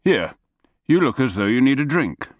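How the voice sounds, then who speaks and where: A man voicing a hearty, brisk older military officer. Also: medium pitch, very animated, no room sound, clean studio sound, pitched above the performer's own voice.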